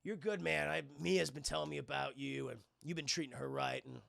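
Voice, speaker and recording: A man putting on the low, confiding voice of a brooding, gruff male street racer. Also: steady tone, fairly quick, fairly bright tone, no echo, studio quality.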